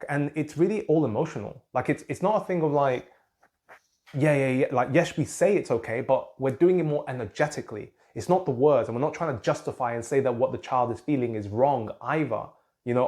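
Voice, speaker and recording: A man's voice: medium pitch, fairly quick, dark tone. A man coaching on anxiety, explaining earnestly and circling back to his points as he writes on a board. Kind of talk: explanatory talk to camera.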